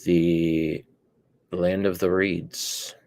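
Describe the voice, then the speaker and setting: A man with a very deep, gravelly voice talks in a slow, level drawl. He pauses often and fills the gaps with hesitant "uh"s and "um"s. He sounds like a panelist in a casual discussion. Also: little pitch movement, darkish tone. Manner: hesitant, many fillers and pauses.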